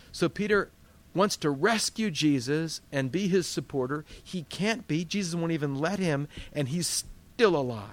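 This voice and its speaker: A man preaching a sermon, retelling a biblical story and acting out the quotes. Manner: storytelling, acting out biblical quotes with sudden loud high bursts.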